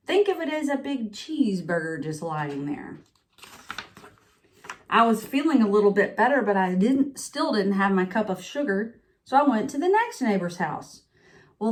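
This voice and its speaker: A woman's voice: mid-range voice, close to an everyday voice. A woman reading a picture book aloud as a sniffly, self-pitying male wolf who tells his side of the story in a confiding voice.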